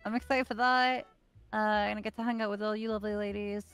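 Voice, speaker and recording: A woman's voice: mid-range voice, level tone, fast talker, loud music behind the voice. A woman with a mild Liverpool accent, a guest chatting casually with lots of restarts and casual swearing. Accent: mild Liverpool English. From Liverpool, England. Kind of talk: casual chat.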